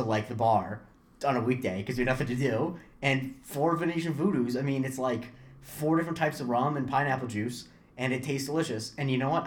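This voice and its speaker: A young man from Florida co-hosting a podcast, telling stories in a rambling, self-interrupting way. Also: mid-range voice. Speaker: podcast co-host. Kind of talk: casual chat.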